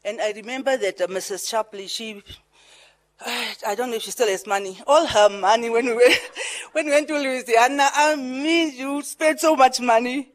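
A middle-aged woman with a Namibian English accent shaped by Herero and Afrikaans, giving a farewell speech as a veteran broadcaster, lively with laughing asides and repeated words. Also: on the high side, normal speed. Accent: Namibian English, Herero and Afrikaans influenced. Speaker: veteran broadcaster and pageant director.

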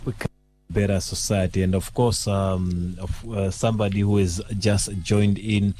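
A male radio host wraps up a late-night talk show. His voice sits a bit low, and he stumbles through his phrases with many fillers and repeated words. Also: flat delivery, normal speed, dark tone.

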